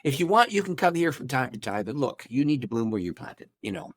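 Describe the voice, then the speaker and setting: A man's voice: medium pitch, very animated, a little fast, dry recording. A man doing a kindly English pastor. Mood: kindly advice. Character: English male pastor, pipe smoker, kindly.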